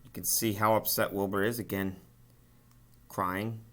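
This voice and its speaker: A male teacher reading a children's book aloud to his class with expressive storytelling. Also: lowish voice, unhurried.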